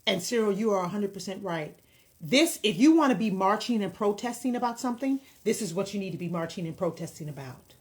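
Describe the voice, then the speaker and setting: A woman's voice: mid-range voice, lively intonation, fairly quick. A woman hosting a commentary video who offers counseling, talking to viewers in a blunt, impassioned, lecturing way. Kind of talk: direct-to-camera commentary.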